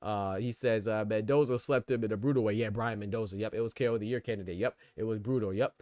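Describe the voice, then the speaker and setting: A man's voice: fairly low pitch, fairly even intonation, fast, a little mellow, dry recording. A man hosting a podcast in casual, slangy commentary, reacting to his live chat as he goes. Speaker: boxing podcast host.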